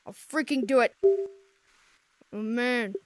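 A woman's voice: a little high, slow, no room sound, faint music behind. A woman commenting casually on her gameplay, jumpy and easily startled, complaining as she goes. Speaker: game streamer.

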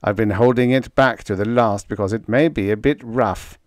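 A man's voice: on the low side, moderate pace, no room sound, studio quality, close to an everyday voice. A man voicing a fussy, nervous male scientist doctor who speaks in an earnest, formal way. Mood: solemn.

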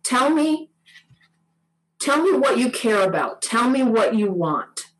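Woman quoting a gentle peacemaker woman. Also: on the high side, sing-song, slow pace, a little hiss or hum, voice pushed up, low-quality recording. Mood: encouraging. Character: warm woman guest, peace worker.

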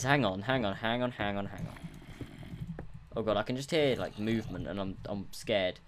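A man's voice: on the low side, normal speed, a bit bright, slight background noise. A man giving casual, rambling commentary on his own gameplay at home, self-mocking and swearing often. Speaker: let's play gamer. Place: room at home, others in the house.

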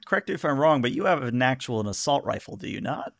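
A man's voice: mid-range voice, expressive, quick pace, vocal fry, no room sound. A man narrating a tabletop game as game master, in a dry, matter-of-fact way.

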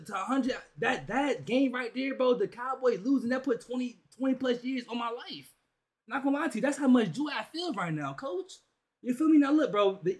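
A man hosting a sports reaction video, talking casually and excitedly to his viewers in slangy chat. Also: high voice.

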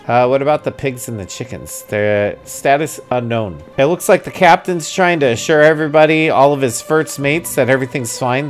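A man streams a mystery game in a casual, mid-pitched voice, working through clues out loud. He often breaks off into startled exclamations. Faint music plays behind him. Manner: thinks aloud, puzzles over clues, bursts into startled exclamations. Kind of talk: casual gameplay commentary.

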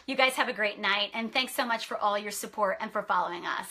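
A woman's voice: medium pitch, quick pace, hardly any pauses, sharp tone. A woman sleep consultant hosting a casual live stream, bubbly and effusive, repeating herself for emphasis.

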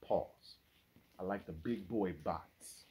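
A man's voice: deep voice, slow pace, breathy edge. A man hosting his toy collecting channel, talking in a chatty, slangy, casual vlog style. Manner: animated, chatty, slangy, laughs often. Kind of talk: casual unboxing vlog chat.

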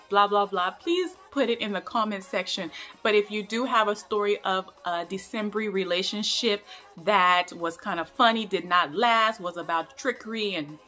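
A woman's voice: mid-range voice, fairly bright tone. A woman vlogging in a playful, teasing way, at times preaching in mock-solemn tones. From Liberia. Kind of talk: casual humorous vlog.

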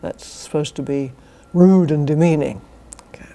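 Her voice low and warm at a normal speed, an older British philosophy professor with a British accent gives an academic lecture to a university society, punctuated by dry, wry humour and chuckled asides.

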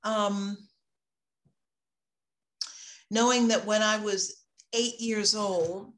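A woman in her sixties, an author speaking in an interview, impassioned and reflective, moving between emphatic and hushed moments. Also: mid-range voice, steady tone, extremely slow. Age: 60s. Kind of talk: interview conversation.

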